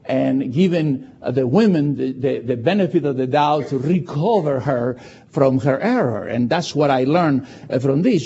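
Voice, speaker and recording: A man preaching a sermon, animated and emphatic, with many restarts. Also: on the high side, unhurried, slightly rough. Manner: animated, repetitive restarts, rising to emphatic shouts. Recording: dull lo-fi sound.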